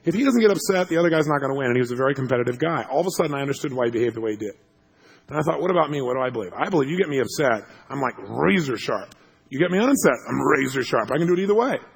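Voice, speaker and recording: A man telling a story to an audience as a motivational speaker, animated and laughing as he acts out what people said. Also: mid-range voice, very fast, vocal fry, breathy edge.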